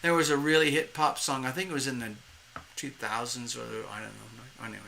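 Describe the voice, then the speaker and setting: Super bright tense-sounding tarot reader doing a live reading, rambly, acting out little voices. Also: medium pitch, fairly quick, vocal fry, a little hiss or hum. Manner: animated, rambling, acts out inner voices; laughs at own jokes.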